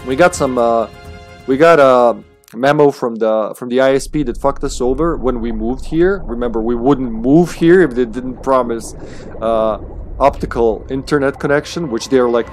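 A man's voice: medium pitch, normal speed, soft background music. A man streaming a video game live, chatting casually and laughing often, swearing now and then.

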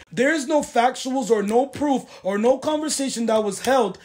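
A woman's voice: a little high, lively intonation, normal speed, hardly any pauses, darkish tone. A woman hosting a casual chat show, venting emotionally and repeating phrases for emphasis. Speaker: podcast host.

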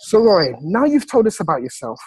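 A man hosts a video call with eager, sales-pitch energy. His voice sits fairly high for a man and sounds close and dry, with no room around it. He stretches words out slowly when he wants them to land. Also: big pitch swings, slightly rough, no echo, poor audio. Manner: enthusiastic, salesy, slows down for emphasis. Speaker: host. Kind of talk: upbeat hosting of a video call.

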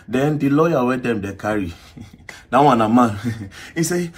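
Excitable Nigerian man, very husky voice. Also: lowish voice, normal speed. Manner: excitable, acts out others' words, frequent "you understand?". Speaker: online activist telling his story. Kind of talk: animated storytelling in Nigerian Pidgin-tinged English.

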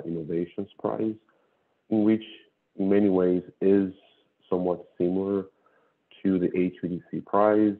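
A man presenting prize programs in a webinar, talking haltingly with many fillers and restarts. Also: low-pitched. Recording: tinny phone-like line.

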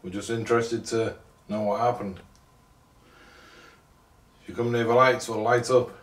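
Brief: calm male ghost hunter, distant in an echoey room. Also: mid-range voice, normal speed. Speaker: fellow paranormal investigator. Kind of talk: calling out to spirits, casual chat. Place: old building, indoors. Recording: roomy, distant from the mic, faint noise.

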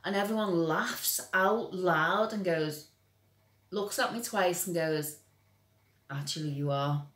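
A woman's voice: medium pitch, takes it slowly, fairly bright tone. A middle-aged woman from England, ranting bluntly and with lots of swearing, often stumbling over and repeating her words. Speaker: vlogger. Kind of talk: angry personal rant. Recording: echoey room.

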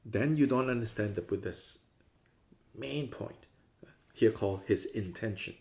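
A man with a fairly low, warm voice and some vocal fry speaks a little slowly while teaching a Buddhist dharma class. His lecture is conversational, and he often acts out the views he discusses with playful voices.

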